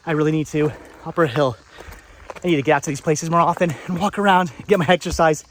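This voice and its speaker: A woman with a notably low voice gives a loose, walk-along vlog commentary. She is enthusiastic and rambly, stumbling over and repeating words, with a faint hiss under the recording. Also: brisk. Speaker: travel vlogger. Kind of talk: casual walking vlog narration.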